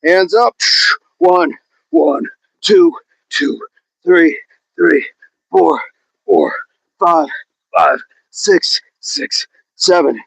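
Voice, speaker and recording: A man's voice: high-pitched, vocal fry, husky, no echo, rough recording. A man hosting a live workout stream outdoors, counting reps aloud and joking with the chat. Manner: jokey, laughs often, counts reps aloud. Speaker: fitness livestream host.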